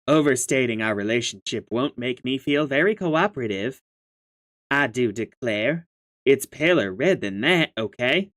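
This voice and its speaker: A man's voice: mid-range voice, expressive, normal speed, few pauses, a bit bright, lightly acted. A man reading aloud as a proper, dry-witted young troll who acts as a reluctant go-between, and who sometimes stumbles over the words. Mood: sardonic. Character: prim sardonic young troll, reluctant mediator.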